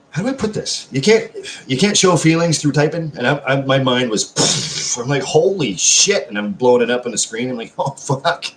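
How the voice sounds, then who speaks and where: A man's voice: medium pitch, moderate pace, a little hiss or hum. A man hosting a live stream at home, chatting casually with viewers, rambling and swearing constantly while answering chat messages. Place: at home, seated.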